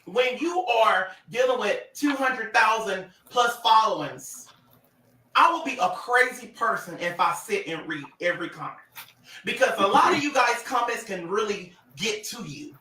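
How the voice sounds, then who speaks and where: A man talking to his followers on a livestream, animated and sassy, often laughing. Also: high-pitched, normal speed, echoey room, recorded from a distance, rough recording. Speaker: social media personality on a livestream. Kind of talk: casual livestream talk to followers.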